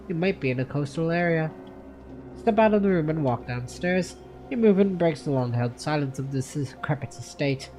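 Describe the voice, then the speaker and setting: Gaming creator reading story text aloud, second-person narration, frequent stumbles and restarts, mellow dark tone, faint music underneath. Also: medium pitch.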